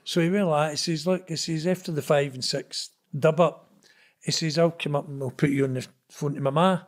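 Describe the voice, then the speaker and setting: A man's voice: on the high side, fairly quick. A man with a Glaswegian Scottish accent, telling a story as an interview guest and acting out the dialogue. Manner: animated, acts out quoted dialogue. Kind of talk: casual storytelling.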